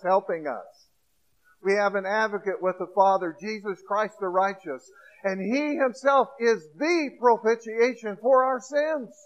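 High-voiced preacher with hushed-to-loud swings. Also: male voice, muffled recording. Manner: dynamic, swings from hushed storytelling to loud emphatic points. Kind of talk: sermon.

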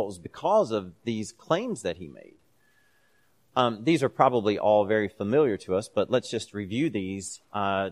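Guy with a lowish voice running a bible study, chatty, reads verses out with some punch. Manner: conversational, reads scripture aloud with emphasis, many fillers. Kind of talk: casual Bible class teaching.

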